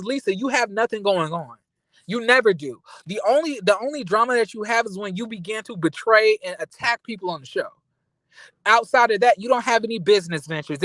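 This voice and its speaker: A man's voice: sits high, dry recording. A man giving a casual recap of a reality TV reunion, blunt and slangy, swearing freely and addressing the cast directly. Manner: animated, blunt, profane, slangy.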